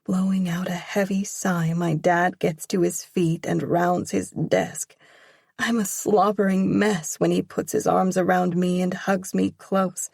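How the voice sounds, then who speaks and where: A woman's voice: on the low side, flat delivery, measured pace, creaky, darkish tone, husky, no echo, studio quality. A woman narrating a first-person romance audiobook, emotional and pleading in dialogue.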